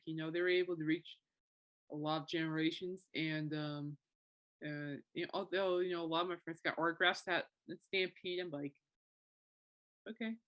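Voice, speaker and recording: A woman's voice: low-pitched, a bit bright. A woman in her thirties talks alone on her podcast in a loose, rambling way. Her sentences keep circling back through fillers and restarts, and her feeling shows through. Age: 30s. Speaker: podcast host. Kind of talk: casual solo podcast talk.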